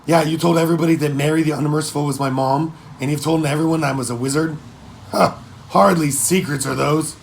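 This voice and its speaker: An earnest young pirate boy, as a man puts him on, talks urgently in a slightly raised voice. A gravelly edge stays under his pleading in this storybook reading. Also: fairly high pitch, steady tone, a little fast, slight background noise. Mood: exasperated.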